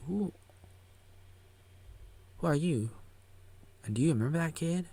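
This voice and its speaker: A man's voice: on the high side, animated, measured pace, gravelly, long pauses, dark tone, breathy edge. A man giving a goofy, rambling live reaction to a video about himself, jumping into silly voices and whispers. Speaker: vlogger reacting to his own documentary. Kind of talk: casual live reaction commentary.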